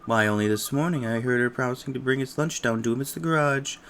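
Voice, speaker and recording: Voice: medium pitch, quick pace, a bit bright, slight background noise, lightly acted. A game player voicing a chatty, gossipy old woman neighbor who fusses sympathetically, reading game dialogue aloud.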